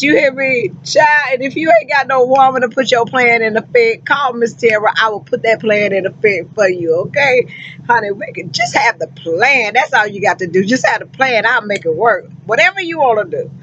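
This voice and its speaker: A woman's voice: a little high, lively intonation, moderate pace, fairly bright tone, highs cut off, a little hiss or hum. A woman truck driver and recruiter talking casually to her viewers, effusive and folksy, calling them honey and child. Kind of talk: casual vlog talk to viewers.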